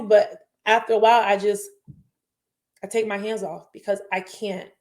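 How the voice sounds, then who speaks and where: A young woman teacher and host talking earnestly and passionately in a casual panel chat, rambling with many fillers. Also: fairly high pitch.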